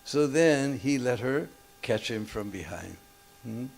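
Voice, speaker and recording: In a temple hall, a man delivers a storytelling sermon, chuckling frequently and checking on his audience with quick "hmm?" and "huh?" prompts. His mid-range voice is animated and creaky, and he takes it slowly.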